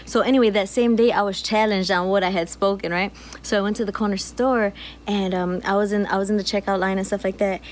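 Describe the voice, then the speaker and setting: A woman's voice: mid-range voice, steady tone, fast, a little hiss or hum. A woman co-hosting a casual chat, telling stories with lots of laughs and fillers. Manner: chatty storyteller, laughs often. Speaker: co-host. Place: outdoors.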